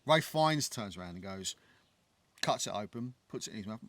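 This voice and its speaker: A man's voice: on the low side, lively intonation, normal speed, a bit bright, slight background noise. A man co-hosting a casual film podcast, talking in rambling bursts with frequent restarts and the odd swear word. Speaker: podcast co-host.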